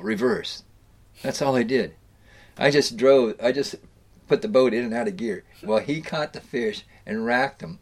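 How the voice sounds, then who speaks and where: A middle-aged man tells loose, rambling stories in an everyday voice at a middling pitch, chuckling now and then. He curses freely and often breaks off to restart a sentence. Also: breathy edge. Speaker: storyteller recounting fishing trips. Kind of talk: casual spoken storytelling.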